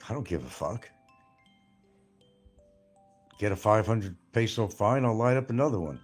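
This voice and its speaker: A man's voice: fairly low pitch, lively intonation, normal speed, husky, faint music behind. A man hosting a casual livestream and answering viewer comments in a blunt, profane, combative way. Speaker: livestream host.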